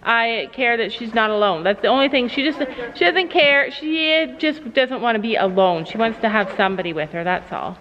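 A woman films a casual vlog outdoors at a horse barn and trailer, talking to the camera for her viewers and calming her horses. Her voice is a little high and expressive, moving at normal speed with hardly any pauses. The recording sounds slightly dull, with faint noise.

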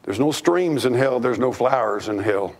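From a church pulpit, a male pastor delivers an emphatic, fervent sermon at a moderate pace. His mid-range voice is expressive, and he repeats phrases to give them weight.

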